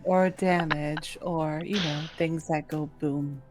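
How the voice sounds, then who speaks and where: A woman's voice: low-pitched, fairly even intonation, takes it slowly, darkish tone, faint music behind. A woman playing a tabletop game, describing her character's actions in a wry, matter-of-fact way. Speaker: player. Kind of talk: tabletop game narration and chat.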